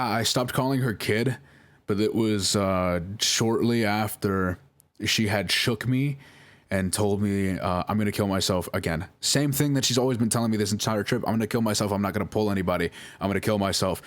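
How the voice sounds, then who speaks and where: A young man with a very low voice talks his way through a nervous, rambling monologue. He keeps circling back, stumbling over restarts and fillers, and apologizing again and again. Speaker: video creator reading out chats.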